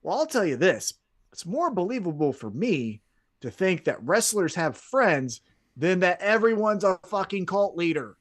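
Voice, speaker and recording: A male podcast co-host with a somewhat high voice in casual chat. He talks in halting bursts, full of fillers, and tosses in sarcastic asides. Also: sing-song.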